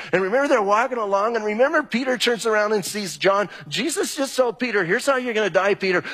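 A man's voice: sits high, fairly bright tone. A man preaching a sermon as pastor, talking conversationally and repeating key phrases for emphasis. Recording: long hall reverb.

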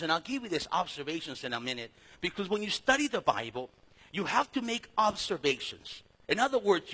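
A middle-aged man from a Spanish-speaking background teaching a Bible study, talking in a lively, casual way that swings between loud and soft and calling listeners "man" and "dude.". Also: a little high, husky. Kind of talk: sermon.

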